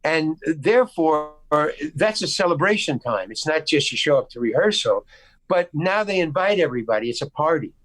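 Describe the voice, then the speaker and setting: American man spinning an animated anecdote. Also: fairly high pitch, moderate pace, rough recording. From United States. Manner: animated anecdote-telling with restarts and acted-out quotes. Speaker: guest actor. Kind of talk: casual storytelling interview. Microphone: video call.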